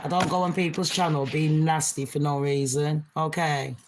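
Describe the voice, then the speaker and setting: With background noise behind her, this woman talks at normal speed in a low, level voice. She's from Jamaica and her accent mixes Birmingham English with Jamaican; she hosts a casual livestream, chatting back at viewer comments and laughing a lot.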